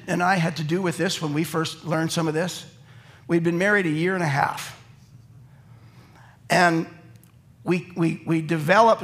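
A middle-aged man preaching a sermon to a live congregation in a church, telling jokes and acting out little scenes as he goes. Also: sits high. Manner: lively, joking storyteller who acts out quotes. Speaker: pastor.

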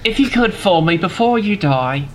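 A man co-hosting a casual podcast, presenting his research in a relaxed, chuckling way. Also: high-pitched, moderate pace, over a noisy crowd. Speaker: podcast co-host presenting the topic.

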